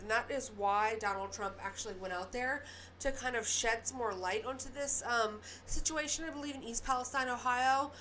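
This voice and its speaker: A woman's voice: fairly high pitch, bright, forceful tone, a little hiss or hum. A woman hosting casual political commentary, talking straight to her viewers in an emphatic, profane rant.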